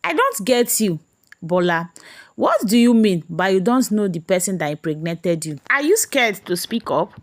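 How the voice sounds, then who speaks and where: A woman voicing a calm, gentle young man who questions softly. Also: medium pitch, moderate pace.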